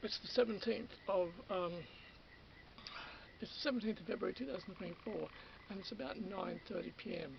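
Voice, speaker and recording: A man's voice: sits high, fairly quick, creaky, highs cut off, background noise. A man with an Australian accent rambling through an everyday story in a casual monologue, repeating and restarting, getting indignant. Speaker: channel host.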